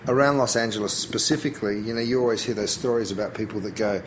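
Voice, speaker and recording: A man's voice: lowish voice, fast talker, a little hiss or hum. A middle-aged Australian man, a chef being interviewed, talking casually and thinking aloud with frequent restarts. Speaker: chef guest.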